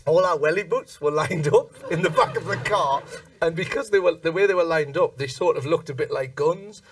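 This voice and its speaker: A man's voice: fairly high pitch, a little fast, far from the mic. A male comedian on a panel show, telling a rambling comic anecdote, laughing through it and acting out other people's voices.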